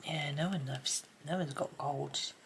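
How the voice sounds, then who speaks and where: A middle-aged British woman chatting casually while she colours, soft-spoken and rambling, often dropping to a murmur. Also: low voice, a little slow, gravelly, slight background noise. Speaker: colouring channel host.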